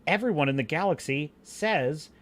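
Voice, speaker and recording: A man's voice: a little high, lively intonation, moderate pace, fairly bright tone. A male podcast host ranting passionately on a livestream, emphatic and full of restarts. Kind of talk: livestream commentary rant.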